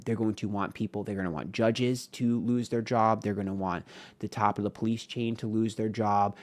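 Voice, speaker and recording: A man with a fairly low voice gives a casual tarot reading straight to camera. He rambles through the cards in a frank, profane way, full of fillers and sudden emphasis. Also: darkish tone. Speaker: tarot reader.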